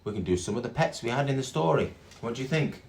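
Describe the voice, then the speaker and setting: Animated man reading to children. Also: mid-range voice, fast talker, vocal fry. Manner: animated, with gasps and exclamations. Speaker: children's storyteller. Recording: echoey room with faint guitar.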